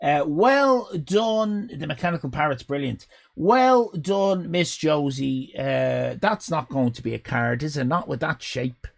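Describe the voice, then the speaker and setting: An Irish man in his fifties, a live streamer shouting mock-outraged, swear-filled banter at his chat, his voice going hoarse. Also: fairly high pitch, lively intonation, a little slow, hardly any pauses. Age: 50s.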